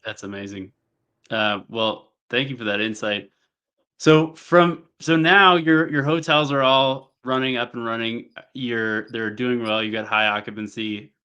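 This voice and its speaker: A man's voice: mid-range voice, measured pace, pushed and bright, smooth, muffled recording. A man hosting an interview, asking questions in an encouraging way and repeating words as he starts them. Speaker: podcast host, interviewer.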